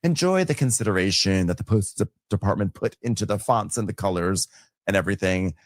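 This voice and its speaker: A man co-hosting a casual recap podcast from home, animated and quick to mimic people in high mocking voices. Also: no echo. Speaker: podcast co-host. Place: home room.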